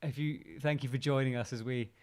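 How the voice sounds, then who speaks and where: A man's voice: medium pitch, steady tone, a little mellow, smooth. An English man co-hosting a live watch-along, commenting casually on a climbing competition with jokey asides. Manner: chatty, jokey, quick asides and laughs. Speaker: co-host reacting to a climbing event.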